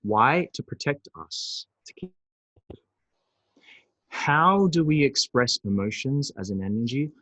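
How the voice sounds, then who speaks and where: Husky man teaching about emotions. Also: mid-range voice, takes it slowly, long pauses, no echo, low-quality recording. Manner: animated, acts out angry voices. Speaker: webinar presenter on emotions. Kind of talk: recorded webinar talk.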